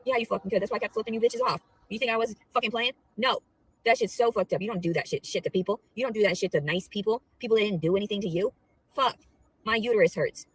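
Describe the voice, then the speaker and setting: A young adult woman vlogging a profane, rambling rant, swearing constantly and swinging between low murmurs and loud outbursts. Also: quick pace, slightly rough, no echo, low-quality recording.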